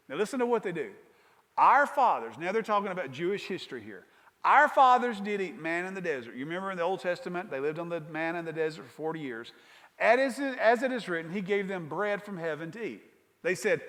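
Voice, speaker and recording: High-voiced preacher in a reverberant hall. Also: male voice, animated. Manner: reads scripture, then explains it with questions to the congregation; swings from loud emphasis to hushed, slow delivery. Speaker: pastor. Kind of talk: expository sermon. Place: church sanctuary.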